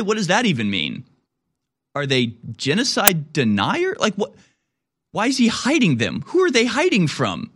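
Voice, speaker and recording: A man's voice: a little high, fairly bright tone. Sarcastic, incredulous male host. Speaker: commentary show host. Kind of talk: mocking political commentary.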